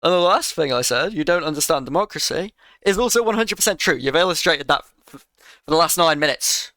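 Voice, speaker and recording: A man's voice: on the high side, lively intonation, a little fast, sharp tone, no echo. A man giving a sarcastic, exasperated reaction rant to another creator's video.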